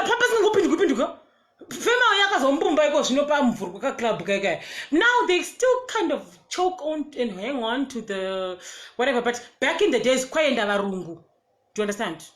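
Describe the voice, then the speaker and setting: A woman with a Zimbabwean accent tells a personal story in a casual, animated way and acts out the quotes. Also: a little high, reverberant. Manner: animated, switches between English and Shona, acts out quotes. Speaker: storyteller vlogger.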